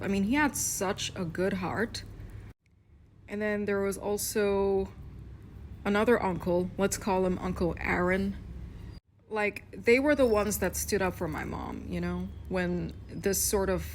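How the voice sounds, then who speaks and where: A young woman telling a personal story in a casual rant, frank and profane, with many fillers and pauses. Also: fairly low pitch, slight background noise.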